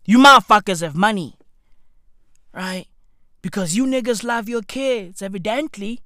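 A man's voice: high voice, a little slow, no echo. A young man doing a profane, rambling comedic monologue as a podcast host, tagging his lines with "right?". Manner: animated, swings up into shouts.

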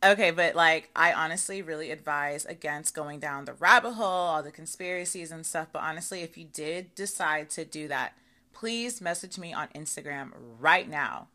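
A woman's voice: sits low, normal speed. A young adult woman hosting her own podcast, talking casually and swearing freely, with lots of "okay" and "y'all". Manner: chatty, animated, swears freely, says okay and y'all a lot. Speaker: podcast host. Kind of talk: casual solo podcast monologue.

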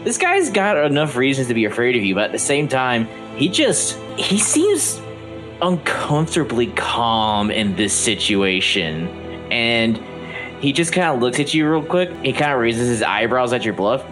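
A man narrating a tabletop game as game master, halting often with fillers and restarts over a voice call. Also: medium pitch, big pitch swings, over music.

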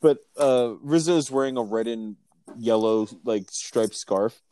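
A man's voice: medium pitch, a little slow, mellow. Joking, profane man chatting about a movie. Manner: joking, profane, reads from notes. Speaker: podcast co-host. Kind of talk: casual movie-discussion chat.

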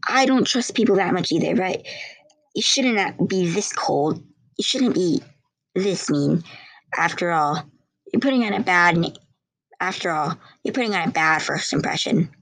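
A woman's voice: lowish voice, expressive, measured pace, a bit bright, no echo, heavily acted, rough recording. Woman doing a shy stammering teen girl. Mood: gently scolding. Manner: stammering, hesitant. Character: shy stuttering teenage girl with fire powers.

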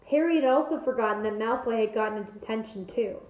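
A woman teacher reads a novel aloud to her class with lively storytelling and a fairly high voice. The sound is roomy and comes through a tinny, phone-like line. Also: quick pace. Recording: echoey room over a thin phone-like line.

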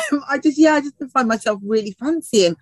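A woman's voice: high voice, no room sound, poor audio. A woman TV presenter and actor from the UK, chatting in an interview with frequent laughs and restarts. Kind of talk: casual interview chat.

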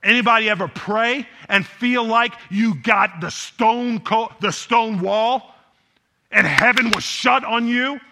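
A man's voice: very high voice, slow, vocal fry, sharp tone. A man preaching a sermon in a conversational way, often tossing rhetorical questions to the congregation. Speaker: pastor.

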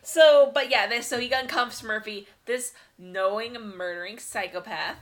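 A young woman co-hosting a casual recap chat, talkative and quick to laugh. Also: fairly high pitch, a bit bright. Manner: chatty, laughs often, swears casually. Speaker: podcast co-host recapping a TV episode.

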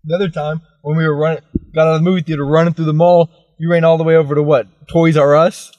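A man's voice: on the high side, level tone, fast talker, darkish tone, no room sound, lo-fi sound. A young man co-hosting a podcast, chiming in animatedly and laughing as he recalls stories. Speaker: podcast co-host. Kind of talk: casual storytelling chat.

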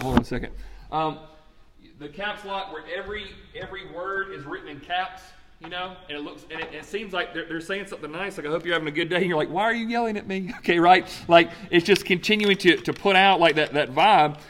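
A man's voice: fairly high pitch, a little fast, a bit bright, a little hiss or hum. A man preaching a sermon in a conversational way, putting questions to the congregation and answering them himself. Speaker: pastor.

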